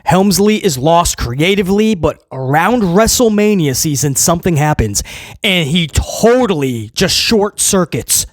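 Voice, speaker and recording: A man talks through a wrestling show in a casual spoken review, blunt and emphatic, stacking up repeated phrases. His voice sits fairly high for a man. The sound is dry and close, with no room behind it. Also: lively intonation, a little slow, no room sound.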